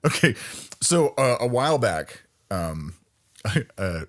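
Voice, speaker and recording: A man's voice: medium pitch, sing-song, takes it slowly, a bit bright. A man hosting a podcast, talking in an easygoing way and laughing often. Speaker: podcast host. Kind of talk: casual chat.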